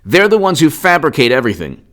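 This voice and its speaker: A man's voice: a little high, big pitch swings, fast talker, a bit bright. A man giving unscripted political commentary in a combative, indignant and sarcastic rant.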